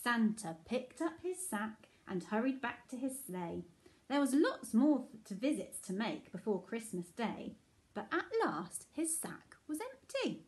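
A woman teacher reads a picture book aloud in a gentle, soothing way, as a bedtime story for her class. Her voice is high and full of lilt, and she reads slowly and carefully. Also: sing-song. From England.

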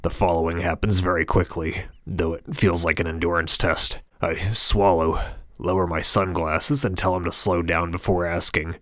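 A man narrating an audiobook in the first person, in a measured, cool, detached tone. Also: deep voice, flat delivery, a bit bright, no echo, clean studio sound.

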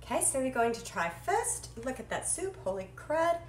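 A woman's voice: high voice, very animated, moderate pace, slight background noise. A woman hosting a live cooking stream from her home kitchen, chatty, bubbly and self-deprecating. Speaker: cooking show host. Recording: echoey kitchen with faint clatter.

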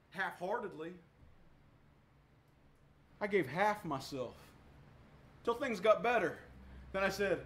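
High, bright-voiced preaching man. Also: lively intonation, moderate pace, long pauses. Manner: emphatic preaching with sharp swings in volume; repeats words for emphasis. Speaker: pastor. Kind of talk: sermon.

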